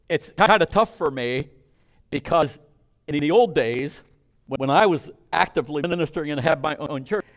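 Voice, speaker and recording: A man preaching a sermon, reading scripture and retelling it with animated emphasis and conversational asides to his listeners. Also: on the high side.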